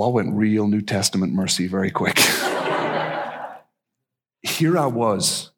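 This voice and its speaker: A man preaching a sermon, telling stories and acting out the people in them with lively swings of voice. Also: lowish voice, slightly rough. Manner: animated storyteller who acts out the people in his stories. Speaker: pastor.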